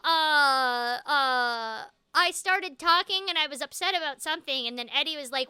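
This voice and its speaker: A woman's voice: high-pitched, moderate pace, hardly any pauses, pushed and bright, dry recording, clean studio sound. A young woman hosting a casual chat, bubbly and laughing often as she jumps from one topic to the next. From Seattle. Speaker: host, voice actor. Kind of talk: casual conversation.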